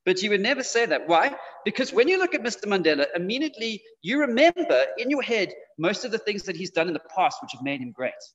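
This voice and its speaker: A man's voice: high-pitched, sing-song, fast talker, hardly any pauses, a bit bright. A man preaching a sermon in a conversational way, speaking directly to his congregation. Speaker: pastor. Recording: dull lo-fi sound with long hall reverb.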